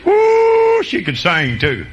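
A preacher man delivering a sermon as a string of folksy country stories. His voice rides a very lively pitch, shooting up into loud high bursts and dropping into low, quiet asides, with a bright, forceful edge. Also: brisk, dull audio.

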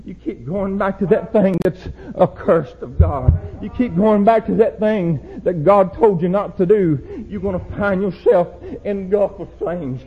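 A young man preaching a sermon, swinging from low, quiet warnings to loud shouted exhortation. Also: measured pace, hardly any pauses. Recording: dull lo-fi church recording.

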